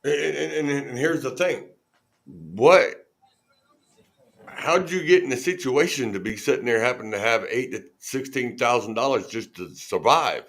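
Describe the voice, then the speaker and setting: A man's voice: mid-range voice, animated, unhurried, gravelly, fairly bright tone. A man co-hosting a casual chat. He speaks emphatically and often restarts his sentences. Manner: emphatic, restarts, agreeing interjections. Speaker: co-host.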